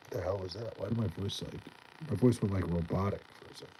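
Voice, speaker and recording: A man's voice: deep voice, fast, mellow, a little hiss or hum, low-quality recording. A man livestreaming late at night, chatting with viewers in a rambling, tired way full of fillers and restarts. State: tired, near bedtime. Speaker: livestreamer reading chat.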